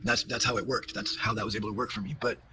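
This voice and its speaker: A man's voice: lowish voice, steady tone, fast, background noise. A man telling his life story in an interview, blunt and profane, rambling with fillers and restarted sentences. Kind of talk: candid personal storytelling.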